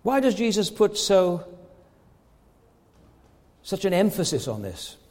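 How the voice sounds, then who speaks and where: Male pastor, high voice, emphatic sermon delivery with rhetorical questions, church reverb. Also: very animated, slow pace, a little mellow.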